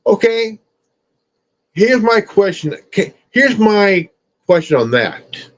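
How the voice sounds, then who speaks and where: Brief: man, high lively voice, slow scolding profane rant. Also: rough recording. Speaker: streamer. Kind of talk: confrontational rant.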